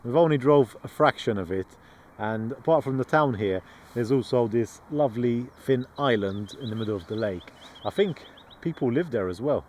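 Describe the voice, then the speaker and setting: Lively chatty man vlogging outdoors. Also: mid-range voice, moderate pace, a little hiss or hum. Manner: chatty, playful, jokes about his own pronunciation. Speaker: travel vlogger. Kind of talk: casual travel vlog chat. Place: outdoors on a road trip.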